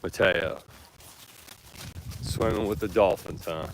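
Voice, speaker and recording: A man's voice: deep voice, slow pace, a little hiss or hum. A man musing aloud to his viewers outdoors while walking with his dogs. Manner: laid-back, musing, talks to his dogs. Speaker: vlogger. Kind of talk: rambling outdoor chat.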